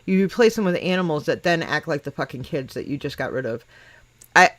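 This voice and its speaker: This podcast host is a middle-aged woman with a low, brisk voice and lively intonation. In a casual chat she's profane and blunt, cursing all the time and poking fun at her guests.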